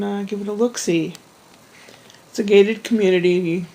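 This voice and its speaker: Woman, vlogger, casual storytelling, chatty and rambling, gravelly voice. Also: medium pitch, fairly even intonation, normal speed, mellow, poor audio. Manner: rambling, chatty, with frequent restarts and asides.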